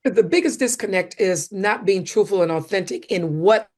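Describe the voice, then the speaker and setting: A woman speaker and coach, a guest on a podcast, explaining communication with animated emphasis and acted-out examples. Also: medium pitch, moderate pace.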